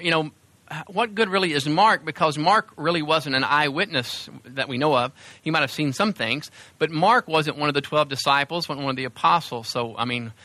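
A man delivers a sermon in a church in a loose, conversational way, stumbling through fillers and restarts. His voice sits a little high and sounds bright. The sound is close and dry. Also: dry recording. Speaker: pastor.

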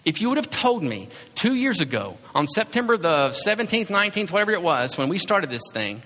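A man's voice: high-pitched, very animated, brisk, a bit bright. A man preaching a sermon as a pastor, talking conversationally and acting out little asides. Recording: reverberant hall sound.

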